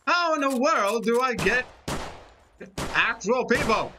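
A person in their twenties giving excited, rambling gameplay commentary, talking straight to viewers and poking fun at themselves. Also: mid-range voice, slow pace, pauses often, noisy background. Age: 20s. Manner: rambling, animated, talks to viewers, self-mocking. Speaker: gaming commentator. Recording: loud game gunfire under the voice.

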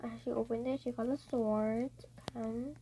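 Excitable high-voiced woman gaming vlogger. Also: normal speed, slight background noise, low-quality recording. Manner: excitable, gasping, repeats exclamations. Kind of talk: casual gameplay commentary.

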